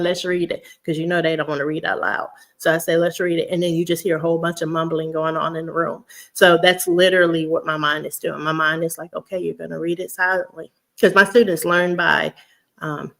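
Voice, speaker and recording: Woman, Southern US accent, casual livestream chat, chatty, laughs often, reads comments aloud, slightly low voice. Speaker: vlogger on a weight-loss journey; teacher.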